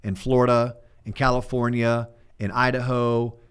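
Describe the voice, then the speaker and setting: A middle-aged podcast host and mortgage coach keeps a flat delivery at normal speed, his mid-range voice clear and resonant. In a casual chat, he acts out sample phone calls to coach small talk.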